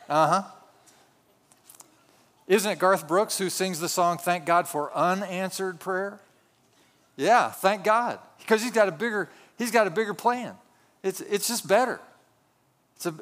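A man preaches a sermon from the pulpit, his voice sitting a little high. He tells his stories in a conversational way and often turns to the congregation with asides and questions. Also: a bit bright. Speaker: pastor.

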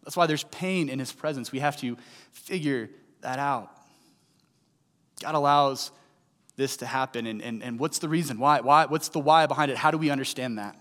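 A pastor in his thirties from St. Louis, USA, preaches a sermon in a mid-range, slightly bright voice at normal speed. He tells a personal story conversationally, with rising emphasis on key lines, in a hall with long reverb.

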